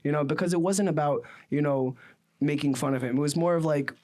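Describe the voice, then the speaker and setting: A man in his twenties from the United States, hosting a casual podcast and telling stories in a rambling, animated way full of fillers. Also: a little high, a little fast. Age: 20s. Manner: rambling and animated, with many fillers like "you know what I mean". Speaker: podcast host.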